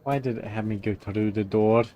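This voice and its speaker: A man streaming a video game, muttering slow, casual asides to himself. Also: lowish voice, fairly even intonation, muffled recording, slight background noise. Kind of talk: casual gameplay commentary.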